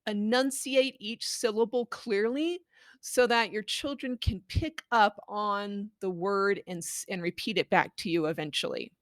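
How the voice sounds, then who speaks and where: Woman, educator, instructional talk, patient, clear explanations, dry recording. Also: mid-range voice, a little slow, dry recording. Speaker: Spanish language educator. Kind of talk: instructional talk on reading aloud.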